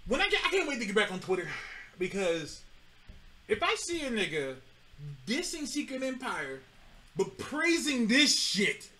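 In a casual podcast chat, a male co-host with a very high-pitched voice tells stories at a moderate pace. He's animated, laughs often, and swears freely.

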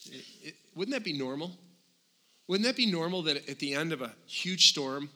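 An older man preaching a sermon as pastor, animated and swinging between loud and quiet. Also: on the high side, normal speed.

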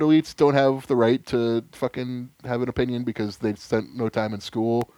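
A young man co-hosting a casual podcast chat, ranting sarcastically with lots of swearing and sudden loud outbursts. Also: medium pitch, fairly even intonation, normal speed, few pauses, smooth, dry recording. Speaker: podcast co-host.

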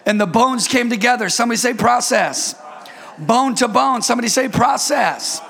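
Male preacher, high gravelly voice, call-and-response sermon, playful asides. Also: normal speed, fairly bright tone. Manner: playful, joking with the congregation.

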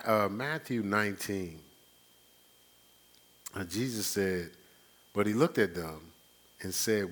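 Animated low-voiced man preaching. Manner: animated, acts out quoted exchanges with rising pitch; frequent fillers and restarts, chuckles. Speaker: pastor. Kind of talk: conversational sermon teaching.

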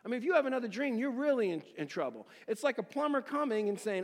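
A high-voiced man preaching with wide, lively swings of pitch. He throws rhetorical questions at the congregation and moves from ringing exclamations to near-hushed lines. His voice carries a long reverb, as in a large hall. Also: quick pace, hardly any pauses. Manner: dramatic, swings between loud exclamations and near-hushed phrases; asks the listeners rhetorical questions. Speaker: pastor. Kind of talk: expository sermon.

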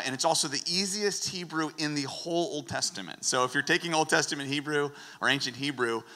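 A man giving a lively, joking sermon in a conversational teaching manner. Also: medium pitch, long reverb tail. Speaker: guest preacher.

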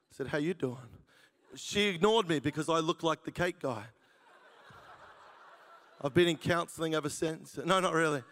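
Joking preacher in a reverberant hall. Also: male voice, fairly high pitch, fairly bright tone. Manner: jokey storyteller who laughs at his own lines. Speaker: preacher giving his testimony. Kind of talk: sermon testimony.

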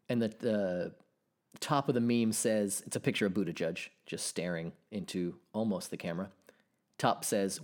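A man in his thirties hosting a solo podcast, ranting and swearing as he reacts to online posts. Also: medium pitch. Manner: animated, profane ranting. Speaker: podcast host.

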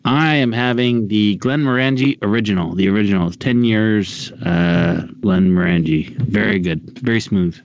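A man's voice: lowish voice, moderate pace, few pauses, dry recording. Chill podcast host guy, hesitant, dry muffled audio. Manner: laid-back, hesitant, swears casually. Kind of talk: casual chat.

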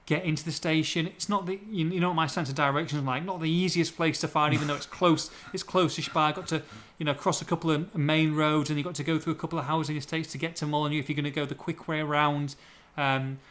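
A man from Hull, hosting a casual podcast chat, reading out listener questions and joking quickly. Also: on the high side. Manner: quick, jokey and animated.

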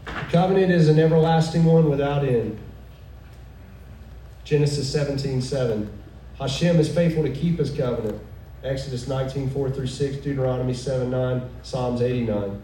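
A woman's voice: very deep voice, normal speed, warm tone. A woman preaching a sermon to a live audience, fervent and exclaiming, with chuckling asides. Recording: echoey room, mic far off, faint noise.

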